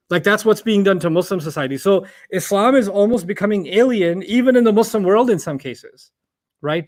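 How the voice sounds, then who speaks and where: A man giving a Quran lesson. He recites Arabic verses in a chant and explains the Arabic words patiently and at length. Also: high voice. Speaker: Quran teacher.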